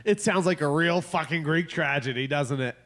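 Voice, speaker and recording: A man's voice: a little high, moderate pace, fairly bright tone. A male podcast host, joking, swearing freely and laughing at himself in casual studio banter. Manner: self-mocking, swears freely, laughs often.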